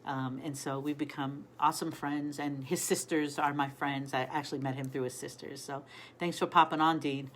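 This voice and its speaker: A woman's voice: deep voice, flat delivery, moderate pace, slight background noise. A middle-aged woman hosting a casual live stream, chatting and telling stories while greeting viewers by name.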